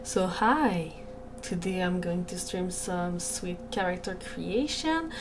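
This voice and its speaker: A woman's voice: lowish voice, lively intonation, slow pace, noisy background. A woman with a French Canadian accent chatting casually on a livestream from home, apologetic and hesitant, often restarting her sentences. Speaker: streamer and game creator. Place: home room, alone.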